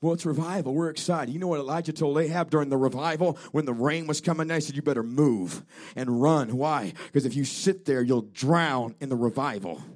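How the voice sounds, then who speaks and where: A man's voice: on the high side, a little fast, hardly any pauses. A man preaching a fervent, declamatory revival sermon as a traveling evangelist in a church. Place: church during a revival service.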